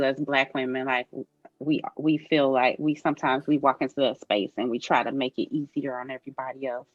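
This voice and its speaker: A woman's voice: extremely low pitch, dry recording, lo-fi sound. A woman doula speaking earnestly and reassuringly in a roundtable discussion, with frequent fillers.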